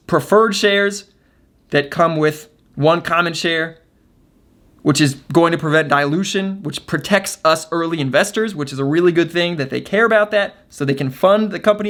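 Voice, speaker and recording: A man with a slightly higher-than-usual voice talks casually to camera as the host of his own video. He is chatty and upbeat, with plenty of ums and restarts. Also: a bit bright. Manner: chatty, filler-heavy, upbeat.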